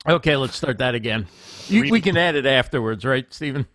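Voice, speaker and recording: Guy doing the show intro, slow and bouncy, restarting with laughs, dry close sound. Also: medium pitch, animated, a bit bright, dry recording. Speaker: show announcer. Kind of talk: improvised comedy podcast.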